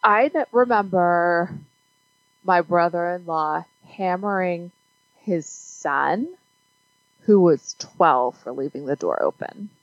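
A woman's voice: lowish voice, slow pace, no room sound, muffled recording. A woman co-hosting a casual movie review podcast, who loses track of her point as she talks. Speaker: podcast co-host.

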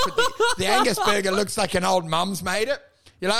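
A man with a high, gravelly voice that swings up and down a lot as he tells his stories. He talks loudly and with a lot of energy in a casual podcast chat, swearing freely and acting out what other people said. His tone is bright and sharp. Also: fast talker, a little hiss or hum. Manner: animated, loud storytelling with profanity and acted quotes. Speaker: podcast co-host and stand-up comedian.

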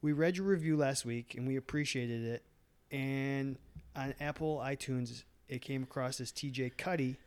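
A man's voice: mid-range voice, normal speed, smooth. A man with a Minnesota accent co-hosting a podcast, reading listener reviews in an easygoing, self-deprecating way. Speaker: podcast co-host.

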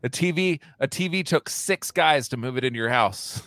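A man in his thirties in casual podcast chat, animated and laughing, swearing freely. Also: mid-range voice, moderate pace, no room sound.

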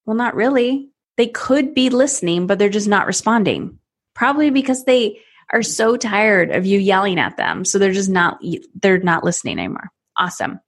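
A woman in her thirties with a medium-pitched, breathy voice talks as a parenting coach in a podcast conversation. She's animated and acts out little scenes using different voices.

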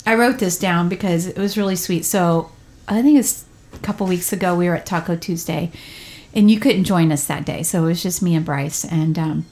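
A woman's voice: fairly low pitch, normal speed. A woman hosting a casual family podcast, telling stories about her son with frequent laughter. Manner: lively storyteller, laughs often, voices a child's lines. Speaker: podcast host and mother. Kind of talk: casual chat.

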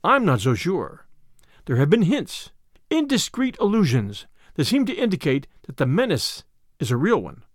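A man reading aloud as a weary older male spymaster, measured and grave. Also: on the high side, huge pitch swings, dry recording, clean studio sound.

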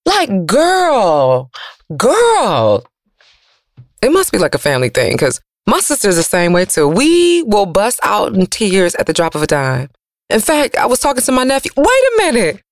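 A woman radio host, giving an emotional, preachy motivational monologue that swings from loud to soft. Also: medium pitch, huge pitch swings, a little fast, no echo, clean studio sound.

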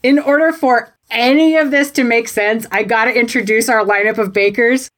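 A woman's voice: fairly high pitch, steady tone, normal speed. An American woman co-hosting a podcast, recapping a baking show in casual, wry and sweary chat. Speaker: podcast co-host.

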